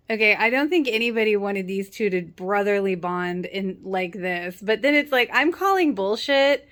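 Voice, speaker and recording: A woman's voice: medium pitch, a little slow, long pauses, a bit bright. A young woman casually recapping a TV episode, sarcastic and chatty, acting out the characters' lines as she goes. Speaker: TV show reaction vlogger.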